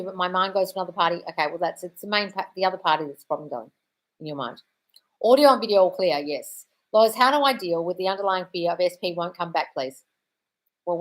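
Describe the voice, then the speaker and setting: A woman coach hosting a live Q&A, reading viewers' chat questions and answering bluntly, swearing freely and calling people darling. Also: on the low side. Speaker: manifestation coach.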